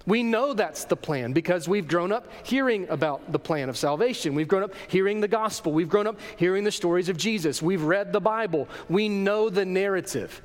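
A man preaching a sermon as a pastor, telling the story in a lively way and acting out the voices. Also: high-pitched, normal speed, in a large hall.

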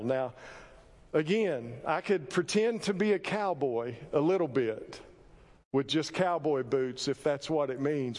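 A man preaching a sermon, telling folksy stories with sudden loud emphasis. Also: fairly high pitch, long reverb tail. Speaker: pastor. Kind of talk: sermon with personal storytelling. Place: church sanctuary.

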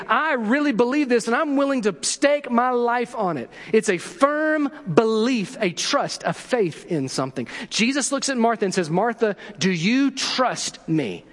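A pastor with a high voice preaches a storytelling sermon. He asks the congregation questions and acts out the quotes he tells. His voice rings through a hall with long reverb.

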